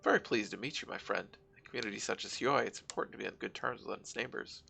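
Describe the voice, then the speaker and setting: A man reading the lines of a cultured, courteous drone engineer in a calm, formal way. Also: on the low side, vocal fry, heavily acted. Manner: polite, measured, formal phrasing.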